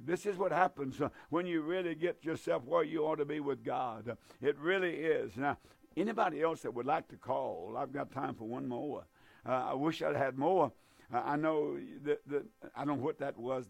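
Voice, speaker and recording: A man preaching with a drawl, hammering his points with drawn-out, repeated stresses. His voice is gravelly and sits a little high for a man. The sound is close and dry, with no room around it. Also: no room sound. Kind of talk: fervent sermon.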